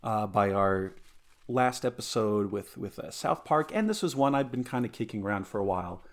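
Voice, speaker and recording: A man's voice: lowish voice, lively intonation, moderate pace. A man hosting a podcast in casual chat, rambling and easygoing, often restarting sentences. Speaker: podcast host.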